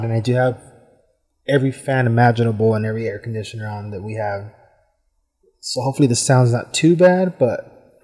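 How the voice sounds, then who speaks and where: A man's voice: mid-range voice, darkish tone, in a large hall. Rambling, thoughtful American man hosting a podcast. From United States. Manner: rambling, thoughtful, many "I mean" fillers. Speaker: podcast host. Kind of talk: casual reflective monologue. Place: hot room at home with fans running.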